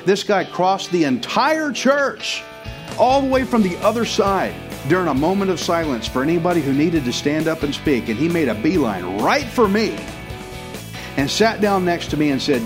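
A man preaching a sermon in an animated way, acting out the voices of the people he quotes. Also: a little high, normal speed, music in the background.

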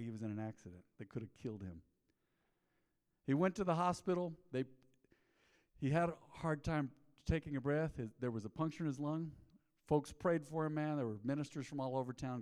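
A man's voice: mid-range voice, fairly quick, a little mellow. A middle-aged man preaching a sermon, telling folksy stories and peppering his talk with "man". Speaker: pastor. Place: church sanctuary. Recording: long reverb of a church hall.

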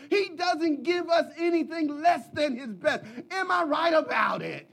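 High-voiced preacher guy, husky, all over the place in pitch, hushed one sec and yelling the next. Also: measured pace, hardly any pauses. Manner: animated, swings from hushed to shouting, folksy. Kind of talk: sermon.

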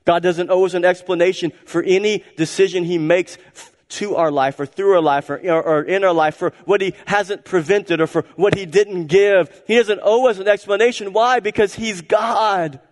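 Male pastor, somewhat high voice, emphatic sermon delivery with dramatic volume swings, recorded in a reverberant sanctuary. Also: steady tone, normal speed. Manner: emphatic, repeats phrases, swings between loud and hushed. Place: church sanctuary. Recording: church hall reverb.

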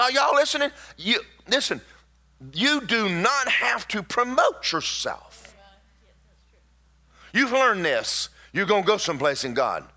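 A high-pitched man preaches a sermon in church, telling personal stories animatedly. He breaks into sudden loud bursts and slows down to draw out words for emphasis.

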